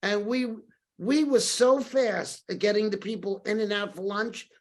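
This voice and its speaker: An older man from New York, a guest on a podcast, tells stories in a casual interview. His voice is high-pitched and unhurried, and he's a lively anecdotal storyteller who acts out the dialogue he quotes.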